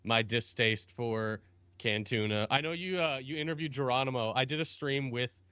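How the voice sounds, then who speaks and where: A man chats on a call in an animated way, laughing often and slipping into put-on voices. His voice is bright and forceful, with smooth, crisp clarity. The sound is dry and close. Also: mid-range voice, normal speed, dry recording. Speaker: guest streamer. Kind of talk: casual chat.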